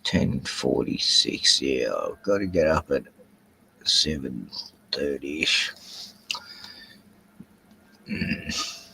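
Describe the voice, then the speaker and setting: Slow, gravelly older Australian man. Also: extremely low pitch, big pitch swings, sharp tone, poor audio. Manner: rambling, swears freely, drifts between topics. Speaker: livestream host. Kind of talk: casual solo livestream chat.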